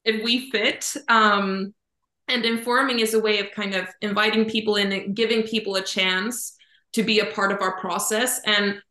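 Bright-voiced woman coach in an echoey room. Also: medium pitch, steady tone, normal speed. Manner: thoughtful, explains with images, says "kind of" and "like" often. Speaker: Human Design reader and coach, guest. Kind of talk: casual explanatory chat.

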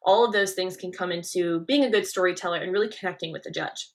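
A young woman from Nebraska hosting a coaching podcast, talking in an energetic, leaning-in way with emphatic stresses. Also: on the low side, quick pace. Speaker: podcast host and pageant coach.

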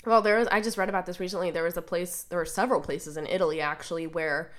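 A woman's voice: lowish voice, steady tone, fast talker. A woman co-hosting a casual podcast, nasal from a sinus infection, telling stories with lots of "like". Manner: chatty storytelling, lots of "like". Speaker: podcast co-host. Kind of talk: casual chat.

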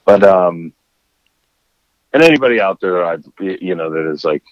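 A man's voice: low voice, moderate pace, long pauses, no echo, highs cut off. A man who runs fishing charters tells a story in casual conversation and acts out the quotes. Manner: animated storyteller acting out quotes. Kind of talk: casual storytelling in a podcast chat.

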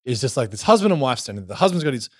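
A man's voice: mid-range voice, very fast, husky, dry recording, clean studio sound. A man from Australia casually recapping a show as podcast co-host, telling it with energy and swearing. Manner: animated storytelling with swearing.

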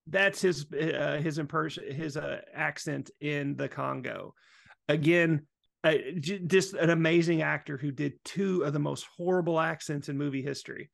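A man contributing to a casual podcast segment, enthusiastic and halting, with frequent restarts. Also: fairly high pitch, vocal fry, no room sound, clean studio sound. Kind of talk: casual chat.

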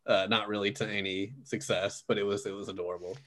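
A man in casual chat, relaxed and agreeable, trading opinions with a co-host. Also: lowish voice, fast talker. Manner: relaxed, agreeable, brief backchannels.

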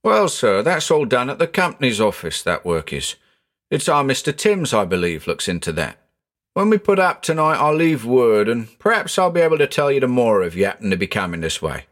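A man's voice: medium pitch, very animated, brisk, fairly bright tone. A man voicing a chatty working-class male tram conductor who rambles in thick dialect, in a storybook reading. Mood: explaining.

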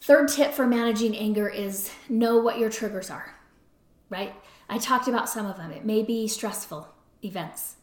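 A middle-aged woman hosting an advice podcast, talking in a relaxed conversational way and often tagging her points with "right?". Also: mid-range voice, moderate pace. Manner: conversational, frequent "right?" tag questions. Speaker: podcast host and counselor. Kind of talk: advice talk. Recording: roomy echo.

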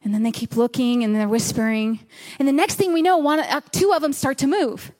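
A woman pastor telling a vivid story to her congregation, animated and dramatic, dropping to a hush at tense moments. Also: high-pitched, a little fast. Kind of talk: storytelling sermon. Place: church stage before a congregation.

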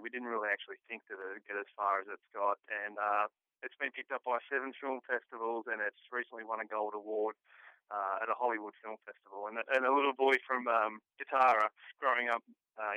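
A man's voice: fairly low pitch, clear, resonant tone, dry recording, highs cut off. A man with an Australian accent, a guest musician chatting cheerfully in an interview, repeating words as he goes. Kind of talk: casual interview chat.

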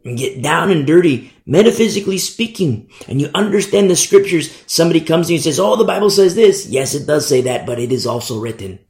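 A man preaching a sermon with fervent emphasis, swinging between loud declarations and hushed asides. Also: on the high side, animated, a little fast, few pauses. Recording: echoey room.

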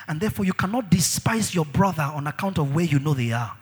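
A man preaching a sermon in an animated way, shouting at times, dropping low at others, and repeating phrases for emphasis. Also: quick pace, husky.

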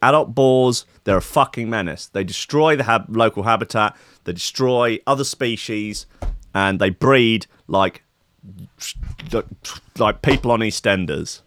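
A man's voice: fairly low pitch, a little slow, fairly bright tone, dry recording. A man hosting a comic podcast, ranting sarcastically and profanely about news stories. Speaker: podcast host. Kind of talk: sweary comic news rant.

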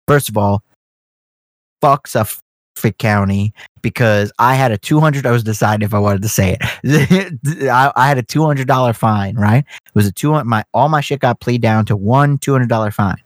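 A man's voice: medium pitch, normal speed, no echo. Rambling, cursing New guy. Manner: profane, rambling storyteller. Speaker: podcast co-host. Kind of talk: casual chat.

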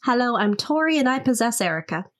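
A woman's voice: a little high, sing-song, fast talker. A woman playing in a tabletop game, chatting in a teasing, playful way. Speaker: player. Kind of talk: casual game chat.

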